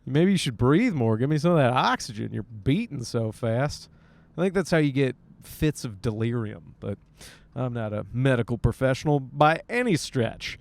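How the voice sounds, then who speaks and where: Recording his solo podcast in a car, a Michigan comedian in his thirties rambles casually, cursing and throwing in comic impressions, both wired on caffeine and worn out. His mid-range voice is creaky, with lively intonation at a normal speed.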